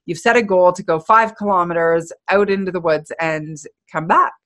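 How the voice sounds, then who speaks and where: Energetic woman giving a motivational talk. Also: lowish voice, moderate pace. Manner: energetic, playful, conversational. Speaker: motivational speaker.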